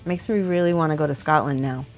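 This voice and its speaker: A low-pitched woman talks at a quick pace over faint background music. She's painting miniatures for her viewers, chatting and rambling with lots of giggles, and quiets down when she concentrates.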